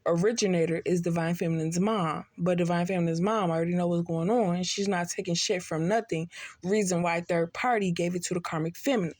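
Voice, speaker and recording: A woman's voice: lowish voice, steady tone, fairly quick, a little mellow, no echo. A tipsy woman giving a casual spiritual reading, blunt and profane, full of streetwise slang. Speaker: tarot reader.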